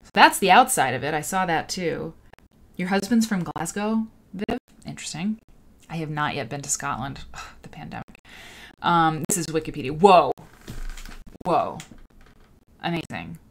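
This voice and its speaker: A woman's voice: low-pitched, lively intonation, normal speed, a bit bright. A woman in her thirties hosting a casual livestreamed quilting show, emotional and talking to her viewers directly. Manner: emotional, talks to viewers and reads comments aloud. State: tearful at times.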